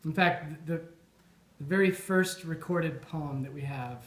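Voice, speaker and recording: Man, toast speaker at a supper; reflective, halting delivery with ums; slightly high voice; roomy, echoey hall sound. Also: a bit bright. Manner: thoughtful, with frequent ums and restarts. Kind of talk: informal after-dinner toast.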